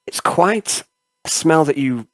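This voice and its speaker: A man's voice: a little high, animated, slow, no echo, studio quality. A man narrating as game master of a tabletop role-playing game, rambling with frequent hesitations. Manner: rambling, many "uh" fillers.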